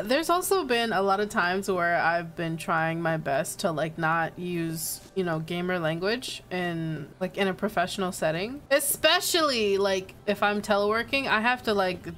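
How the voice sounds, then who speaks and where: A young woman playing a video game and chatting casually as she goes, excitable and giggly. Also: fairly low pitch, normal speed, few pauses, soft background music. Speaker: gaming streamer. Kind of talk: casual let's-play commentary.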